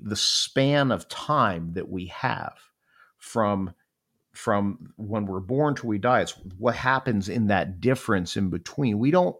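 Guy in his 40s, gravelly low voice, rambly reflective storytelling, keeps repeating himself. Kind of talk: personal storytelling.

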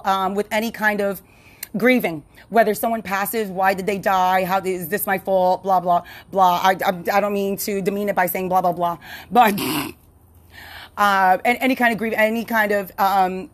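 Chatty woman podcaster who laughs a lot. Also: mid-range voice. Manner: rambling, laughs often, many restarts and fillers. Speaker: podcast host. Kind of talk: casual solo podcast talk.

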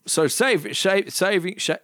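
A man co-hosting a podcast, trading absurd deadpan jokes in improvised banter. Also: high voice, a little slow, no room sound, studio quality. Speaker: podcast co-host.

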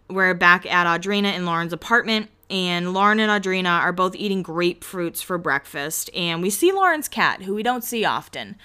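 A woman's voice: on the low side, sharp tone, clean tone. A woman chatting casually as she recaps a reality show, gossipy and swearing freely.

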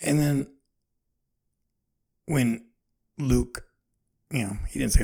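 Podcast host, man in his forties, gravelly and husky, rambling earnest monologue. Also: medium pitch, big pitch swings, a little slow, pauses often, darkish tone. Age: 40s. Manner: rambling, earnest, self-searching. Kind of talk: personal reflective monologue.

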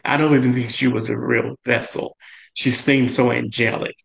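A man, a guest chef, earnestly recounting a personal story in a halting way, with many "and, uh" fillers and his pitch jumping up whenever he quotes someone. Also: flat delivery, vocal fry, poor audio. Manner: pitch leaps up when quoting others.

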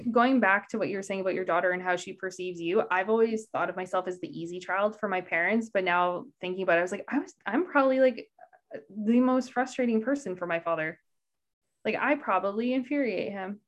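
A woman's voice: mid-range voice, a little fast, lo-fi sound. Reflective woman podcast host. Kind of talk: casual interview chat.

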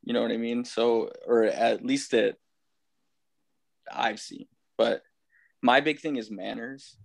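A man in a casual podcast chat, a father who talks in a laid-back, halting way. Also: mid-range voice, steady tone, vocal fry, no room sound.

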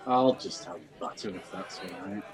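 A man playing a tabletop role-playing game, deadpan with stammered punchlines. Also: sits low, normal speed, a faint crowd.

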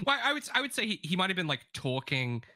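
A man co-hosting a casual advice podcast, telling a story in an animated way, swearing freely and acting out the people he quotes. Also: high-pitched, fast talker, dry recording. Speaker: podcast co-host.

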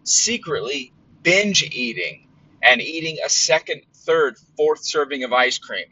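A man's voice: mid-range voice, pushed and bright, no echo, highs cut off. Blunt, rambling male podcast host. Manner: rambling, blunt, with frequent fillers and profanity. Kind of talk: casual monologue.

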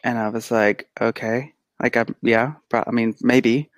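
A man's voice: medium pitch, measured pace, no room sound, highs cut off. Dry-voiced guy telling a story. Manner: animated storytelling, acts out quotes. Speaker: podcast co-host; pediatric physical therapist. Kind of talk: casual chat.

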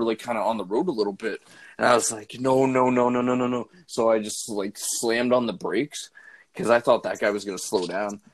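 A man telling an excited, filler-heavy story in a casual online voice call. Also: medium pitch. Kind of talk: casual chat.

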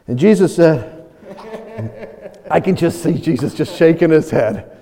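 A man preaching a sermon as pastor, animated and acting out the voices of people he quotes, chuckling often. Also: high-pitched, normal speed, gravelly, long pauses, in a large hall.

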